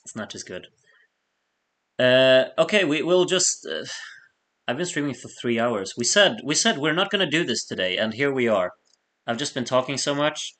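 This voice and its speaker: A man's voice: medium pitch, fairly bright tone. A man hosting a late-night live stream, chatting casually, reading viewer messages aloud and laughing often as he rambles.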